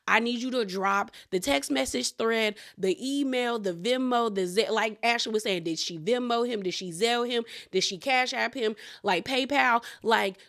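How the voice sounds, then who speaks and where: A woman's voice: a little high, fairly bright tone. A young woman recapping a reality show in casual commentary, acting out quotes of the cast members.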